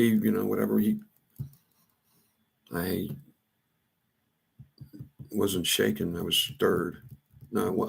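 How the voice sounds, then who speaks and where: Gravelly low-voiced man rambling. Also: a bit bright. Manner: halting, repeats and restarts words. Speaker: storyteller. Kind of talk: rambling personal monologue.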